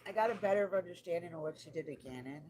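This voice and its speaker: A woman's voice: lowish voice, expressive, fast talker. A woman streaming casual chat while she decorates cakes, talking bluntly and swearing often, sounding exasperated. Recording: noisy home recording.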